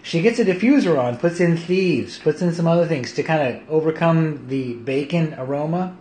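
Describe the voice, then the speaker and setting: A middle-aged man chatting casually on a home livestream, lively and quick to laugh. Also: fairly high pitch. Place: home kitchen. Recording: echoey room, faint hiss.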